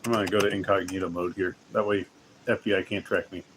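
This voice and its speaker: A man's voice: low voice, steady tone, fast, fairly bright tone, a little hiss or hum. A man hosting a casual livestream while playing a game, rambling and restarting sentences as he chats with viewers. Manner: rambling, self-interrupting, laughs often. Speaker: livestream host.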